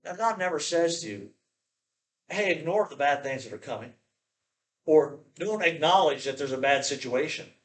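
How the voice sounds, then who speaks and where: Animated male preacher in an echoey hall. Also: fairly high pitch, moderate pace. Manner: animated, playful, acts out quoted voices. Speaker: pastor. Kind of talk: sermon.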